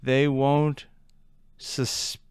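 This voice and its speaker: A man hosting a casual reaction video, excitable and laughing often as he comments. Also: drawn-out words, clear, resonant tone, dry recording, clean studio sound. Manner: excitable, laughs often, pitch jumps high.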